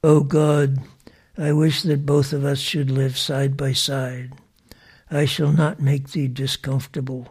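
A man's voice: mid-range voice, little pitch movement, unhurried, a little mellow, breathy edge. A man reading as an earnest shepherd boy. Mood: tender devotion. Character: simple devoted young shepherd boy.

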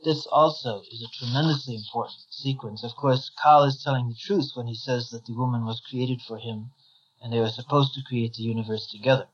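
Measured man reading and explaining scripture. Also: mid-range voice, steady tone, slightly rough. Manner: measured, thoughtful, with small restarts. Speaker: spiritual teacher. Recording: slightly dull lo-fi recording.

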